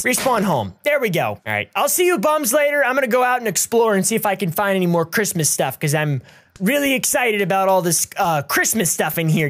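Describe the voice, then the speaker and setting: Goofy, crude gaming commentator, lively pitch. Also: male voice. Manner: goofy, crude, yelling in bursts; sings made-up song lines. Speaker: gaming YouTuber. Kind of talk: let's play commentary.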